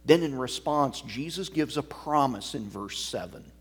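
Male pastor, husky voice, unhurried expository sermon, walks through the text point by point. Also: mid-range voice, animated. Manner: measured teaching, explaining a passage line by line.

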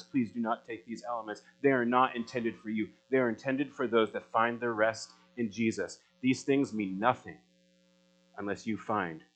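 A man preaching a sermon, swinging from loud, rising appeals to quiet, searching questions. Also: mid-range voice, muffled recording. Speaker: pastor.

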